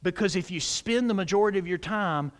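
A man preaching a sermon as pastor of a church, loud and emphatic, using humor and questions to the congregation. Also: fairly quick. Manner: loud, emphatic preaching with big pitch swings. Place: church sanctuary.

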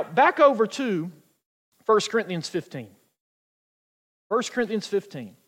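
A male pastor delivers his sermon in a high, wildly lively voice. He swings from near-shouted declarations to hushed, quiet asides. The sound rings with the long reverb of a big hall.

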